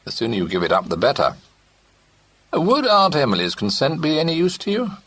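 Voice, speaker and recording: A man reading an audiobook, voicing a blunt young gentleman who persists in courting. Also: fairly high pitch, wildly swooping pitch, fairly quick, husky, no echo, pitched above the performer's own voice, exaggerated voice. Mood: teasing. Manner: blunt, straight to the point.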